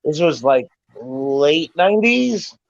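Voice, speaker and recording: A man's voice: on the high side, very animated, slow pace, vocal fry, dry recording. A middle-aged man telling a story in casual chat, emphatic and profane, insisting again and again that it is true. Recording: dull lo-fi sound, dry.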